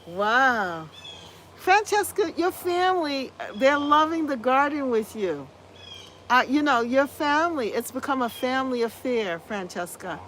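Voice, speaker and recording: Woman, livestream gardening host; scratchy, a touch high-pitched, upbeat and effusive, casual chat. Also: lively intonation, a little slow, fairly bright tone. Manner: effusive and upbeat, repeats phrases, exclaims hallelujah. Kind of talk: casual livestream chat reading viewer comments.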